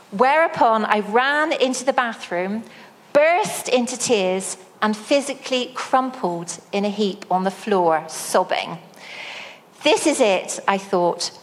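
A woman preaches in a church hall, telling her story slowly and deliberately. Her voice sits fairly high. A long reverb trails off each phrase. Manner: slow, storytelling delivery with dramatic re-enactment. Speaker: speaker at a church service. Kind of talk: sermon with a personal story.

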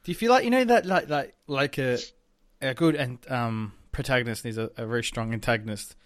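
A man's voice: medium pitch, fairly quick, no room sound. Man, casual podcast chat, rambling, swears, dry close sound. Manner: rambling, sweary, lots of ums. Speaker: podcast co-host.

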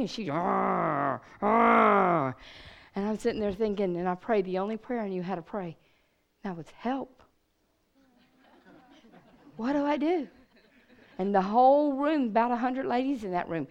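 A woman with a medium-pitched voice delivers a lively testimony sermon as the guest speaker at a women's church gathering. She tells her story like an animated storyteller, speaking directly to the audience.

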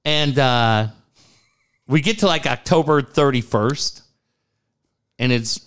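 A man and former radio host telling stories in casual chat, profane and animated, with loud high yelps when he acts things out. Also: slow, long pauses, clear, resonant tone.

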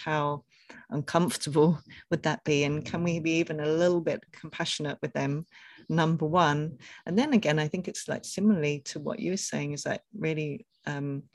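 Expressive woman co-hosting a podcast. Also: deep voice, dry recording. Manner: expressive, laughs between thoughts. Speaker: podcast co-host. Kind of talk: conversational podcast discussion.

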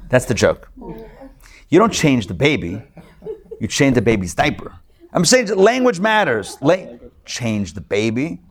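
Rabbi giving a chatty live class. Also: male voice, medium pitch, sing-song, a little slow. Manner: conversational, with jokes and asides to the group. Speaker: rabbi teaching a weekly class. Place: live class with an in-person and online group.

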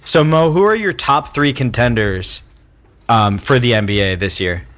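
A man co-hosting a casual podcast, brisk and steering the conversation with dry humor. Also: medium pitch, fairly bright tone. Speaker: podcast host.

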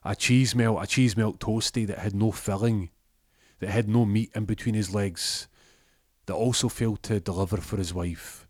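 A man's voice: fairly low pitch, fairly even intonation, normal speed, no room sound, studio quality, close to an everyday voice. A man voicing a smug, scheming male gangster who taunts his rival. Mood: gloating. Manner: gloating, taunting.

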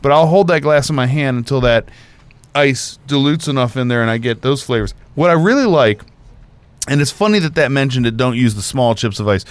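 A man's voice: medium pitch, lively intonation, a little fast, dry recording. A man co-hosting a casual chat, talking with emphatic enthusiasm and explaining at length. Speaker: co-host.

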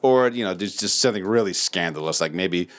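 Guy with a really low voice, swings his pitch a lot, swearing and cracking jokes. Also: animated, a bit bright. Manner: profane, joking, does quick silly voices. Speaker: podcast co-host. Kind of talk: casual chat.

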